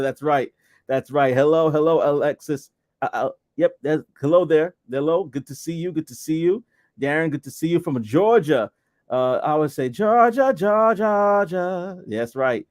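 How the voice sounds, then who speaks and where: An energetic man hosts a live online show and welcomes viewers one by one as he reads their comments. His voice sits in a middle pitch. The sound is dry and close, with no room around it. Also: no room sound. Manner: upbeat and enthusiastic, greets viewers one by one. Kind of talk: live-stream chat reading viewer comments.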